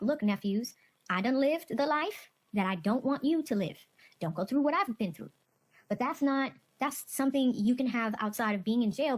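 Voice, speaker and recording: A woman prosecutor speaking firmly to a witness in a courtroom exchange, repeating her points with insistence. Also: a little high.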